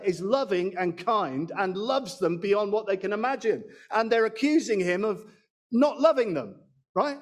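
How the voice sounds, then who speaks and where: A man preaching a sermon in a church, chatty and self-deprecating, speaking into a handheld mic. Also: high-pitched. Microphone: handheld microphone.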